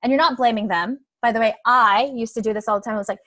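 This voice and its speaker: Chatty young woman coach, higher voice. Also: fairly quick, few pauses, fairly bright tone, dry recording. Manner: conversational, frequent "right?" and "like" tags. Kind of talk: coaching webinar talk.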